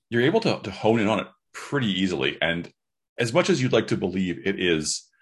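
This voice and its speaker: Game master, man, low and husky, lively and descriptive. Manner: relaxed and descriptive, with frequent restarts. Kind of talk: narrating a tabletop game.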